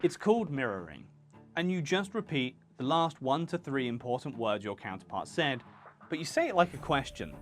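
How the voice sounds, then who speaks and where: Lively, punchy male video teacher. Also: mid-range voice, moderate pace, faint music behind. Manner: punchy, emphatic, conversational. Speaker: channel host teaching freelancers. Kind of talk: energetic video lesson.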